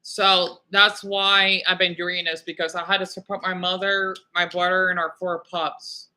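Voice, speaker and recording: A young man talks loosely to his livestream chat in a very bright, sharp-edged voice. He rambles from one thought to the next, scolds commenters and hushes his dogs. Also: sits high, flat delivery, unhurried. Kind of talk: casual livestream chat with viewers.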